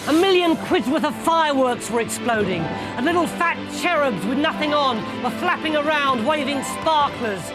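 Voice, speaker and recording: A man's voice: extremely high pitch, expressive, normal speed, hardly any pauses. A man telling a comic story dramatically and theatrically, often shifting his volume, over music.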